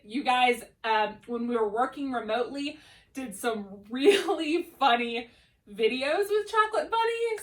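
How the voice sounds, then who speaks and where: A woman's voice: on the high side, a bit bright. A young adult woman teaching a drama lesson to children, enthusiastic and encouraging. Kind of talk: upbeat classroom lesson.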